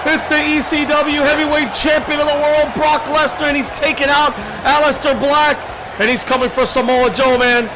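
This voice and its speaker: A man doing excited play-by-play commentary over a wrestling video game, shouting his calls with game music and crowd noise behind him. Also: extremely high pitch, normal speed. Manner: hyped, loud, shouting calls.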